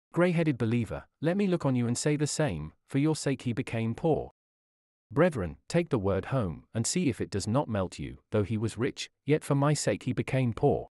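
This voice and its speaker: A man reads a sermon in an earnest, rhetorical, old-fashioned style, his pitch climbing and dipping with emotion. His tone is a little mellow, and the sound is close and dry with no room echo whatsoever.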